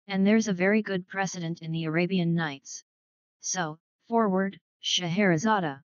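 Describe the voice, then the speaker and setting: A woman voicing a playful, formal older gentleman in a dry, dull recording. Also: fairly low pitch, normal speed, dry recording, natural voice. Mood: teasing. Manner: playful, formal, mock-solemn. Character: genteel older English gentleman, twinkling and teasing.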